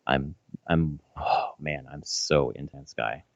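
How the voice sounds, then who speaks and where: A man's voice: a bass voice, takes it slowly, creaky, dry recording. A man in his thirties chatting casually as a podcast co-host, rambling with lots of fillers and restarts and swearing freely. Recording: slightly dull, dry audio.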